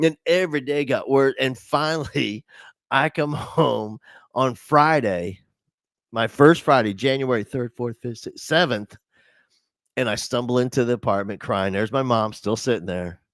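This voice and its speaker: A man in the middle of a storytelling keynote for teachers, laughing at himself as he goes. His voice sits at a medium pitch and is recorded close and dry. He leaps up high in pitch whenever he quotes someone. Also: no echo. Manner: animated, self-mocking, laughs often; jumps high in pitch when quoting people. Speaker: conference speaker for teachers. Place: online conference session.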